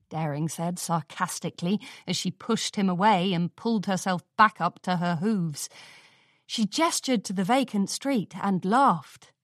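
A woman's voice: on the low side, a little slow, no echo, studio quality. A woman narrating a storybook chapter expressively, acting out the lines of the characters. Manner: expressive, acts out dialogue. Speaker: audiobook reader.

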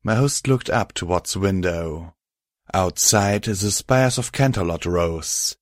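A man reading a fan-fiction story aloud with a lively, expressive delivery. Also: low voice, takes it slowly, dry recording, studio quality. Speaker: audiobook narrator.

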